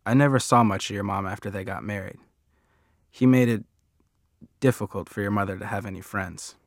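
A rambling young mother with quick, apologetic chatter, her words tumbling over each other. A man puts her on for an audiobook, lifting a low, dry voice a little. The sound is close and dry, with no room around it. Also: dry recording, close to an everyday voice. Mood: earnest. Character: chatty, flustered young mother talking fast. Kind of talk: audiobook reading.

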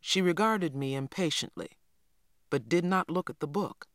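A woman narrating an audiobook in a measured, even reading. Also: low-pitched, no room sound, clean studio sound. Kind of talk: scripted narration.

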